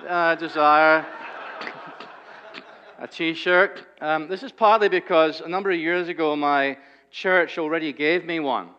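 A man's voice: on the high side, pushed and bright. Dry-witted Scottish man in his sixties. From Scotland. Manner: dry, self-deprecating humor with frequent hesitations. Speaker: guest speaker. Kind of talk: humorous lecture at a church gathering. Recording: dull lo-fi recording.

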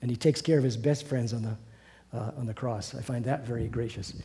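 A man's voice: mid-range voice, steady tone, fairly quick, dark tone. An older man teaching a Bible class over a video call, musing aloud with many restarts.

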